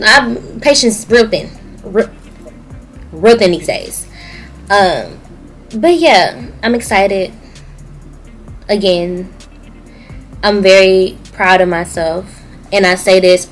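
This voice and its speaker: A woman's voice: medium pitch, measured pace, long pauses, soft background music, rough recording. A young woman with a Southern US accent, talking candidly to her viewers in a personal video diary. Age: young adult. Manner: candid, emotional, speaking to viewers. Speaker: YouTuber.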